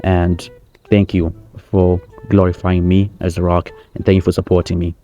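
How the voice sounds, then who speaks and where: Guy doing a cocky wrestling star bragging, low mellow voice. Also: little pitch movement, moderate pace, highs cut off, faint music behind, lightly acted. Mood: boastful. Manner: cocky, rambling, self-praising. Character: boastful male wrestling-star impression holding a press conference. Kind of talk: comedy sketch.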